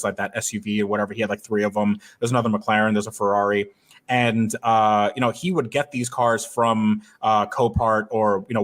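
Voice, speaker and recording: A man's voice: fairly low pitch, fairly bright tone. A man co-hosting a podcast, telling a long story in a loose, rambling way with lots of fillers. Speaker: podcast co-host. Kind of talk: casual podcast chat.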